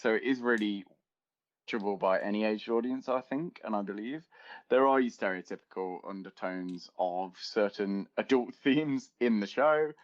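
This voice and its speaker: A young man with a lowish voice chats his way through a podcast, rambling and laughing as he goes. The recording is dull and lo-fi, like a home setup. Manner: rambling, laughs often, chatty. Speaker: podcast co-host. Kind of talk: casual chat.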